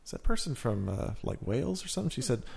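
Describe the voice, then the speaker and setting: A joking podcast co-host with a gravelly, fry-edged voice. He talks at a middling pitch and laughs often. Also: very animated, quick pace, a little mellow. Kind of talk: casual chat.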